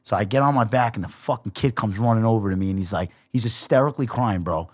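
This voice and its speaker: A young man, a podcast guest, telling a story in a casual, profane, animated way and acting out the quotes. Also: fairly low pitch, fast talker, no room sound, clean studio sound.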